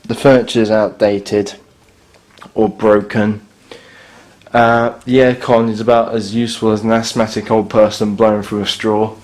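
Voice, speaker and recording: A man's voice: fairly low pitch, level tone, normal speed, a little mellow. A man, filming a casual spoken review of his hotel room and grumbling bluntly about its faults.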